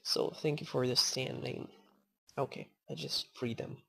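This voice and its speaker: A woman casually commenting while she plays, rambling, thanking viewers and coaxing in-game animals aloud, swearing in sudden excited outbursts. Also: extremely low pitch, a little slow, gravelly, slightly rough, whispered. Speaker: gaming channel host.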